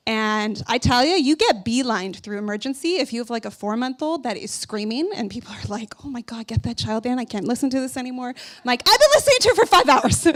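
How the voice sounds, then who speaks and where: A woman's voice: on the high side, a bit bright. Chatty woman telling a personal story. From Canada. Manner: casual, chatty, many fillers like "like" and "you know". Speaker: conference speaker.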